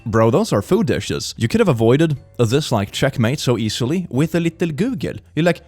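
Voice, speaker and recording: A man's voice: mid-range voice, big pitch swings, moderate pace, few pauses, darkish tone, soft background music. A man hosting a comedic reaction show, reading posts aloud and mocking them with playful sarcasm. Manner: playful, sarcastic, bursts into laughter. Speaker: host.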